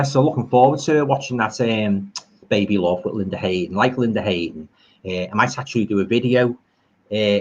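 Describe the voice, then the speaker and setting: On his home live stream, a middle-aged horror film streamer from Liverpool goes off on enthusiastic tangents about old films between viewer comments, with plenty of homely turns of phrase. His voice is on the low side, a bit bright and husky, and the recording's highs are cut off.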